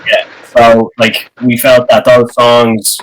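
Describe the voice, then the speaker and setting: An Irish band member explaining things at length in an interview, with hesitant fillers. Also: male voice, medium pitch, monotone, slow, rough recording. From Ireland.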